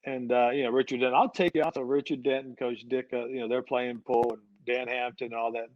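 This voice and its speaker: A man's voice: medium pitch, brisk, no echo. Man telling stories over dull, dry audio. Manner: repeats words when starting sentences, animated when telling stories. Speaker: football head coach, podcast guest. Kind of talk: conversational storytelling.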